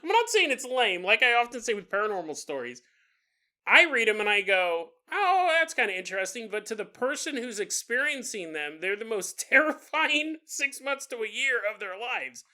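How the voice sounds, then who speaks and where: A man with a bright, forceful voice hosts a paranormal podcast. He retells a ghost story casually and makes jokes along the way, putting on voices for the people in it. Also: high-pitched, moderate pace. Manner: animated, jokey, mimics people in quotes. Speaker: podcast host.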